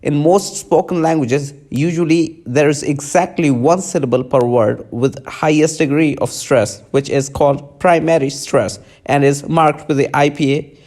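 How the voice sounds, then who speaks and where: A man's voice: on the high side, darkish tone. A man teaching a lesson, reading lecture notes aloud and often stopping to restart clipped words.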